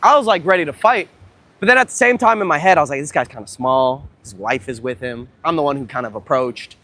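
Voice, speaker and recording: Excitable, profane young man on a beach. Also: a little high, fast. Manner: profane, excitable, rambling storytelling. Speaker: dating coach livestreamer. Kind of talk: casual livestream vlog. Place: outdoors at a beach.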